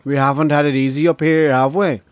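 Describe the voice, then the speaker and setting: A woman's voice: low voice, fairly even intonation, brisk, dry recording, natural voice. A man voicing a mischievous young countrywoman with a Donegal accent, talking in a lilting, teasing, homely way.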